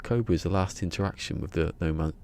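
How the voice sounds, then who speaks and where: Gravelly deep-voiced man streaming. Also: fast talker, darkish tone, slight background noise. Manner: joking, rambling, laughs often. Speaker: live streamer. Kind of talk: casual live stream chat.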